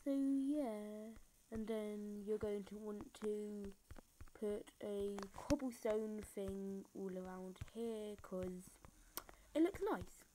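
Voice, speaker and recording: A woman's voice: mid-range voice, fairly even intonation, slow pace, warm tone, a little hiss or hum, low-quality recording. A woman talking through a building tutorial in a rambling, self-mocking way, full of fillers, recorded on a phone screen recorder. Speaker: game tutorial maker. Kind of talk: casual building tutorial commentary. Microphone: phone screen recorder mic.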